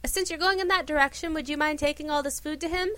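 A woman's voice: high-pitched, fast, sharp tone, dry recording, pitched above the performer's own voice. A woman voicing an eager, helpful young male knight.

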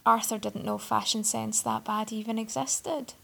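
Gravelly-voiced woman reading a story. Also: a little high, steady tone, moderate pace, pushed and bright. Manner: wry, sardonic narration. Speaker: story narrator.

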